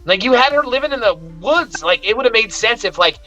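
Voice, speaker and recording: A man's voice: very high voice, fairly quick. A man co-hosting a casual movie review podcast, ranting heatedly with plenty of swearing. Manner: heated, profane ranting with animated outbursts. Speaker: podcast co-host. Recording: slightly dull lo-fi audio with faint music.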